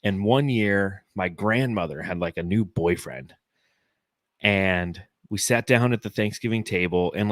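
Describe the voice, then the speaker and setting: Man in his forties, podcast co-host, lowish voice, dry close mic, rambling profane storytelling. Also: no echo. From Phoenix, Arizona, US. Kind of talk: casual sports podcast chat.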